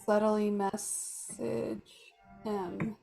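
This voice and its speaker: Woman, tabletop player, fry in the voice, short hesitant remarks, background music. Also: medium pitch, little pitch movement, extremely slow. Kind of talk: casual tabletop table talk.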